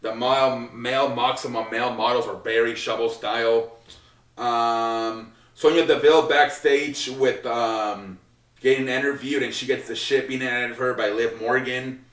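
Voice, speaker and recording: A man's voice: medium pitch, fairly even intonation, moderate pace, fairly bright tone. Rambling man, distant and echoey. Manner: rambling, lots of filler words and swearing. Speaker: wrestling show recap host. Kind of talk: casual unscripted recap. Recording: roomy echo, distant from mic.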